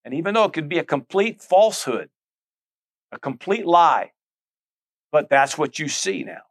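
A man's voice: a little high, lively intonation, moderate pace. A middle-aged male pastor preaching a conversational sermon, full of asides, repeated phrases and calls to the listeners.

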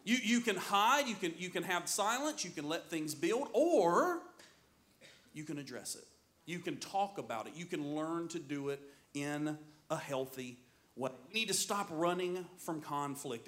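A middle-aged man preaching a sermon as pastor, in an animated, joking storytelling manner. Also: on the high side, measured pace.

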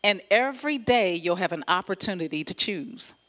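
A woman pastor giving an animated, conversational sermon, often laughing as she talks. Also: medium pitch, normal speed.

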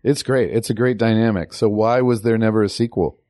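A man's voice: fairly low pitch, fairly even intonation, fairly quick, a little mellow, no echo, studio quality. A man co-hosting a casual movie podcast, laid-back, asking questions and sharing film trivia. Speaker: podcast co-host.

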